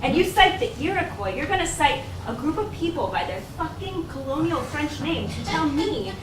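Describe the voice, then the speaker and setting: A woman with a non-native English accent, playing a fiery, sharp young actress who argues indignantly in a stage play. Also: high voice, sing-song, distant mic. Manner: sharp, indignant, rapid-fire arguing. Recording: roomy stage, picked up from afar, noisy.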